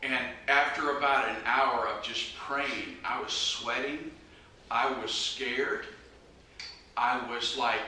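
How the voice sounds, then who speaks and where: An earnest, urgent man preaches his testimony in a very bright, forceful voice. He sounds set back from the mic in a hall that echoes heavily, with a little noise underneath. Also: medium pitch, slow pace. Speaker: evangelist preacher. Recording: very echoey room, mic far off, faint noise.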